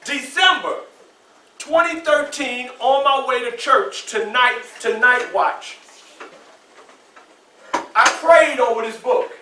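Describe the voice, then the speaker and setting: A man's voice: very high-pitched, slow pace, long pauses, sharp tone, a little hiss or hum. A man in his sixties with a Southern US accent, a motivational speaker addressing students in a preacherly call-and-response way with folksy asides. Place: school hall. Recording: echoey room from far off.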